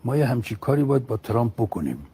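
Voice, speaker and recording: Gravelly, rapid-fire man on a broadcast. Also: mid-range voice, very animated, mellow. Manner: sarcastic, joking delivery. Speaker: television guest. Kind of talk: mocking talk on a state TV broadcast.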